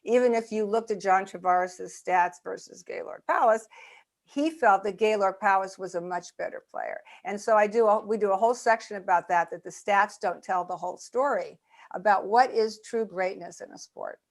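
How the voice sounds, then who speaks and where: Animated woman storyteller. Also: normal speed, gravelly. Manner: lively storyteller, voices raise high when acting out quotes. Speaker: documentary filmmaker. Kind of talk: animated anecdote telling in interview. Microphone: video call.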